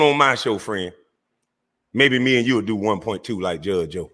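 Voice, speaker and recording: A man's voice: fairly low pitch, lively intonation, normal speed, a bit bright, long reverb tail. A man hosting his own online show, ranting at a rival in a confrontational, taunting way. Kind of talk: heated livestream rant.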